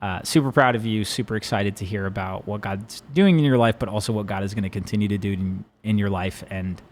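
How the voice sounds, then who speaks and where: A man's voice: fairly low pitch, a little fast, slight background noise. A man, a pastor hosting a casual chat podcast, who tells stories with animation and laughs often.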